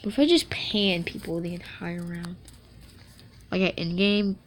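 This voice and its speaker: A woman giving casual gameplay commentary, excitable and joking, with swearing and quick asides. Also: lowish voice. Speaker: mobile game streamer.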